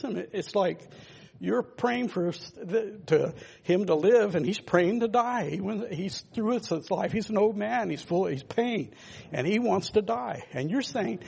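A man's voice: sits high, expressive, measured pace, vocal fry, a little mellow, breathy edge. An older man giving an informal, rambling sermon, emphatic and full of asides to his listeners. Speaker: pastor.

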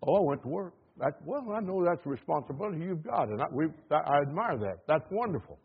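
A man's voice: on the high side, sing-song, fast talker, husky. A man preaching a sermon, firing repeated questions at the congregation and reading scripture in an old-fashioned cadence. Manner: impassioned, repeating rhetorical questions. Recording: tinny phone-like sound.

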